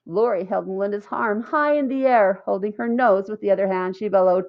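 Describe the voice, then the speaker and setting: Female audiobook narrator, steady storytelling read; lo-fi, slightly dull recording. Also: mid-range voice, brisk, gravelly, few pauses. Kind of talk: scripted narration.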